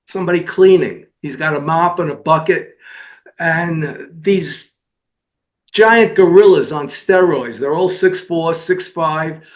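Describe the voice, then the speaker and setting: Rambling man telling a long story. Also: high-pitched. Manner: rambling storyteller, meandering with restarts. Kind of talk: casual talk-show chat.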